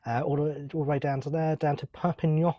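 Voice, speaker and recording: A man's voice: on the high side, level tone, a little fast, warm tone, no echo, highs cut off. Easygoing man in a dry room. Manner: easygoing, with short agreeing responses. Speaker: podcast co-host reading listener mail. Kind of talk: casual chat.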